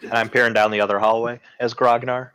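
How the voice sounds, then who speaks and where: A man's voice: medium pitch, level tone, quick pace, fairly bright tone, smooth. A man playing in a tabletop game, easygoing and amused. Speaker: player. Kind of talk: casual tabletop game chat.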